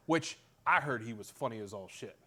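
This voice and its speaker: A man's voice: mid-range voice, lively intonation, fairly quick, bright, forceful tone, breathy edge. A man with a Pittsburgh accent hosting a casual talk show, telling stories animatedly and swearing freely. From Western Pennsylvania. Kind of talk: casual chat.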